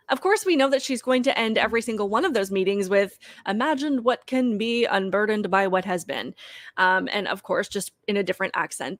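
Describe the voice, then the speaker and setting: A woman's voice: on the high side, a bit bright, dry recording, clean studio sound. A woman hosting a political commentary show, talking straight to viewers in an emphatic, critical way. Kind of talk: opinionated commentary to camera.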